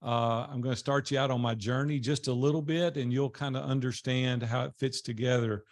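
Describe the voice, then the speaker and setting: A man's voice: mid-range voice, steady tone, fairly quick. An older man from Nashville with a Southern Tennessee drawl, telling his life story in a folksy, motivational guest talk. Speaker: guest speaker.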